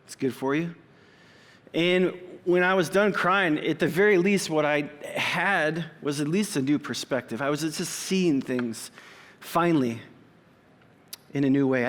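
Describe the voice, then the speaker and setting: A middle-aged man preaches in a church, earnest and conversational, with pauses that let his points land. His voice sits a little high for a man. Long reverb from a big hall trails behind his words. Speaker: pastor. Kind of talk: sermon. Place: church sanctuary.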